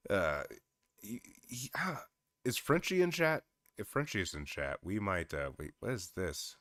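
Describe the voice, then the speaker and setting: A man's voice: fairly low pitch, very animated, unhurried, fairly bright tone, no room sound, clean studio sound. A man streaming casual reaction commentary, laughing and exclaiming in disbelief.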